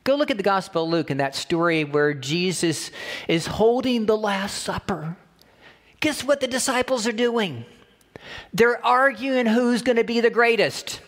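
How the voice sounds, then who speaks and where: A man's voice: sits high, animated, unhurried, long reverb tail. A man who is a pastor preaching a sermon in an emphatic, conversational way, repeating his key phrases.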